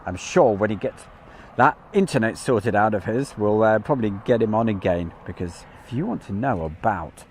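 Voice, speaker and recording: A live stream host from the English Midlands, going by his accent, gives casual commentary, rambling and putting himself down. He speaks expressively at normal speed in a lowish voice, and a little hiss or hum is present.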